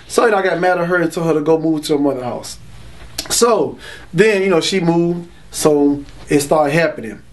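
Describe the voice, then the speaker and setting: A man's voice: a little high, a little fast, darkish tone. A young adult man from Florida, telling his testimony in casual street slang and often saying "you know". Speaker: man giving a religious testimony.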